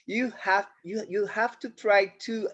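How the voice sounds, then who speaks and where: A man whose first language is Spanish, explaining a point with quick restarts in a casual online discussion. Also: high voice, steady tone, fairly bright tone, dull audio. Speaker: webinar participant. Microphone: video call.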